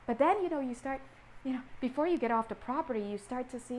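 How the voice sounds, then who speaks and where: Animated woman giving a playful tarot reading. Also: sits high, fast, slight background noise. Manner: animated, playful, acts out little scenes and laughs often. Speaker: tarot reader.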